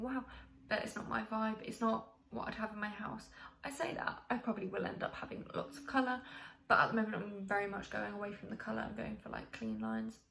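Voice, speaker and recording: A young woman from the UK chats to her camera in a roomy home space, wandering through her answers with plenty of ums and false starts. Her voice sits a touch high with a gravelly fry, and a faint hiss runs under the echo. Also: fairly bright tone. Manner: chatty and rambling, many ums and restarts. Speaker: vlogger. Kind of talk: casual chat to camera. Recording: echoey room, faint hiss.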